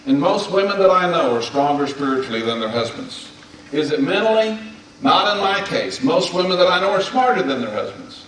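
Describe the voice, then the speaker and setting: Brisk and lively, a fiftysomething man with a fairly bright voice on the high side preaches about marriage to a gathering of men. He is folksy and emphatic, prompting them to repeat words back to him. The sound carries the echo of a hall, a distant mic, and slight background noise.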